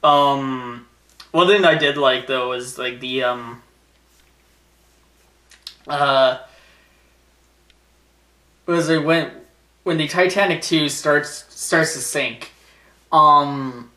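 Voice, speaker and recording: A young man giving a casual movie review, animated and laughing often, swearing freely. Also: fairly high pitch, extremely slow, pauses often, echoey room.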